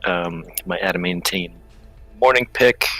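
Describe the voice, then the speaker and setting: Slow, bright-voiced laughing player man. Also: sits low, no room sound, soft background music, low-quality recording. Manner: slow, giggly, jokey. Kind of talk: playing a tabletop game.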